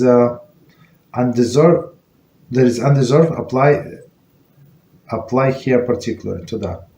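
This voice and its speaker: Guy teaching a relaxed class, lots of uhs and restarts, echoey room, bit of hiss. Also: mid-range voice. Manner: halting, many fillers and restarts. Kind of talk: informal Torah lesson. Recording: echoey room with faint noise.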